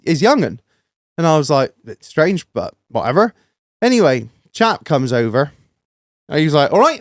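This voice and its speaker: A man co-hosting a podcast tells stories in a loose, sweary way and laughs often. His pitch sits a little high and swings widely, and the sound is close and dry. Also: dry recording. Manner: sweary, laughing, animated storytelling. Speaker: podcast co-host. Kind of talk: casual storytelling chat.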